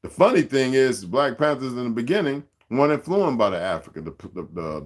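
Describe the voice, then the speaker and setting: A man's voice: medium pitch, lively intonation, fast. A man in his sixties hosting a livestream, speaking in a rambling, profane, streetwise rant aimed straight at his viewers and chat. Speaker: livestream host.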